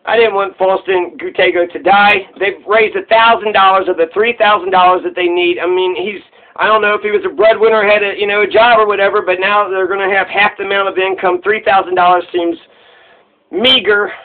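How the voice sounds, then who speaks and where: High-voiced man rambling on a tinny line. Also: level tone, a little fast. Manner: rambling, profane, restarts mid-thought. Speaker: commentator. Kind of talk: casual monologue commentary. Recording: tinny phone-like recording.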